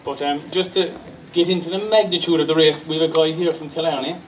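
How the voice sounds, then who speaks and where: A man's voice: on the high side, fairly even intonation, fast. An Irish man acting as MC, introducing speakers at a celebration in a plain, rambling way. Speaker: event MC. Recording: distant mic with background noise.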